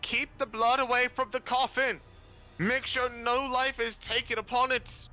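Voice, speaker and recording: A man voicing a pair of fleeing serpent-folk cultists who shout a warning as they run. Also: very high-pitched, flat delivery, a little slow, faint music behind, pitched above the performer's own voice, heavily acted. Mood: alarmed.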